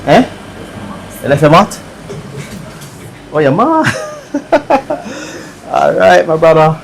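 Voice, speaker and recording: A man's voice: on the high side, slow pace, gravelly, slight background noise, poor audio. A man with a Jamaican accent hosting a live repair stream, chatting casually and answering his viewers' comments aloud. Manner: relaxed, answers viewer chat aloud, chuckles often. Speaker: livestream host repairing laptops.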